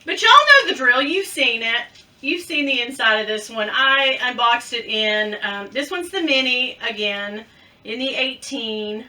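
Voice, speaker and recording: A woman's voice: a little high, expressive, measured pace, sharp tone, distant mic. A middle-aged woman, chatting playfully to viewers while unboxing a handbag. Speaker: unboxing vlogger. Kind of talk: casual chat.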